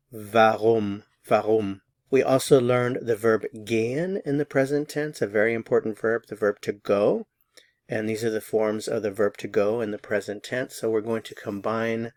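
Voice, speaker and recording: A man teaching a language lesson, patiently explaining and slowly repeating words for learners. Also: lowish voice, a little mellow, no echo. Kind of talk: slow instructional explanation.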